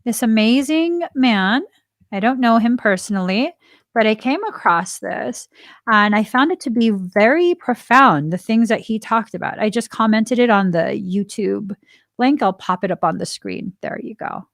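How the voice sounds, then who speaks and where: Casting note: bright-voiced woman podcast host, chatty, close dry mic. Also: fairly high pitch, expressive, moderate pace, no echo. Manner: chatty, laughs often, acts out quoted dialogue. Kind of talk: casual spiritual talk.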